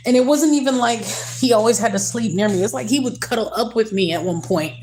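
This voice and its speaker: A tired young woman talks straight to her own camera in a loose, rambling vlog. She is candid and chatty, drifting between everyday thoughts, and her voice rises high whenever she grows emotional. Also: fairly quick, hardly any pauses, a little mellow, slight background noise. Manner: rambling, emotional, candid, swings to a high pitch when moved. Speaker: mother vlogging her day. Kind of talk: casual vlog chat.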